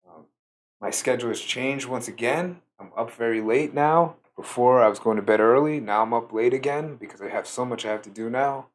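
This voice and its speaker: A tired man giving a slow, reflective solo talk as a spiritual teacher, pausing often with fillers. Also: mid-range voice. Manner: slow, musing, with many fillers.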